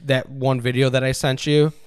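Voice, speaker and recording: A man's voice: mid-range voice, level tone, moderate pace, smooth, no room sound. A young man co-hosting a casual chat, profane and mocking, often slipping into sarcastic mimicry of others. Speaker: podcast co-host.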